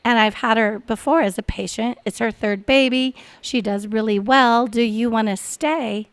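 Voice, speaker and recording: Animated woman in her forties telling a story. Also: fairly high pitch, moderate pace, clear, resonant tone. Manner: animated, laughs often, acts out quoted voices. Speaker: podcast guest. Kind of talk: casual storytelling.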